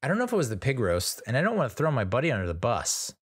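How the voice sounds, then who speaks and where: A man's voice: mid-range voice, huge pitch swings, rapid-fire, husky. An American man in his thirties, a comedian telling a rambling, self-deprecating story full of restarts. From United States. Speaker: comedian host.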